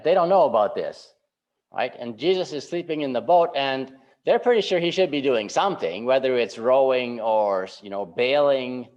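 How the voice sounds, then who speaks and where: A male pastor giving a relaxed, conversational sermon, often checking in with the congregation by asking "right?". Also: medium pitch. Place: church sanctuary. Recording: slightly muffled church recording.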